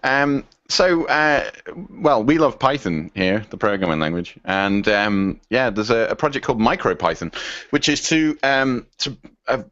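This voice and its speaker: A man's voice: medium pitch, unhurried, no room sound, muffled recording. A man co-hosting a podcast in casual chat, laughing often and slipping into funny voices. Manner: laughing, lively, does funny impressions. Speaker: podcast co-host.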